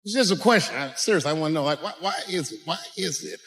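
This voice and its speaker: A man doing profane, animated stand-up storytelling on stage with a handheld mic, punching up lines with sudden shouts. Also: a little high, quick pace. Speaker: stand-up comedian. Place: stage in a large venue. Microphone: handheld microphone. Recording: echoey live venue.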